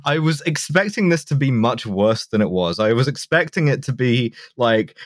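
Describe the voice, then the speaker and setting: A man's voice: medium pitch, expressive, moderate pace, dry recording, studio quality. A man co-hosting a comedy podcast, with sardonic, profane banter. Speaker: podcast co-host. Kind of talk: casual comedic chat.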